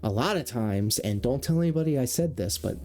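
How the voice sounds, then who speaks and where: A man's voice: medium pitch, expressive, brisk, darkish tone. A man who used to work as a cable technician, giving sarcastic, profane reaction commentary.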